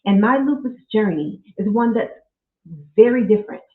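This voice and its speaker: A middle-aged woman hosting a podcast, talking slowly and from the heart, with frequent religious exclamations. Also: mid-range voice, animated. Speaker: podcast host. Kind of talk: casual faith-based personal talk. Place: at home. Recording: echoey room, phone-like audio.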